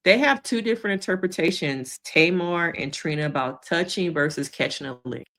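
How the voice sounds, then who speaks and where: A woman therapist giving a casual, animated recap of a reality show episode, acting out quotes and laughing along the way. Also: lowish voice, moderate pace.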